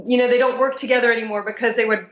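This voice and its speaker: A woman from Texas, a podcast guest, telling rambling travel stories in a loose, animated way and acting out other people's lines. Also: on the high side, rapid-fire. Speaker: interview guest. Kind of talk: casual travel storytelling. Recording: roomy echo.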